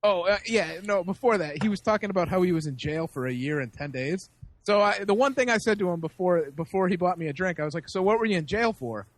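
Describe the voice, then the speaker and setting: A man casually telling a story on a podcast, animated and laughing as he acts out the people in it. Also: high voice, fast. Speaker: podcast host.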